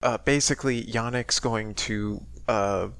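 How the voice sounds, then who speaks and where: A man playing a tabletop game, talking slowly and hesitantly about his character's moves. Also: gravelly, clear, resonant tone, no echo. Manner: slow, hesitant, lively pitch. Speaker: player. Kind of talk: casual tabletop play.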